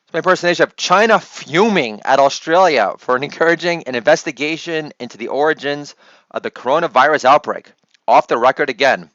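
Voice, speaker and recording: A man's voice: on the high side, brisk, dry recording. Sex: man. Role: comedian. Style: solo comedy monologue. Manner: brash, rambling. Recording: dry and dull. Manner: brash, rambling, shouts out catchphrases.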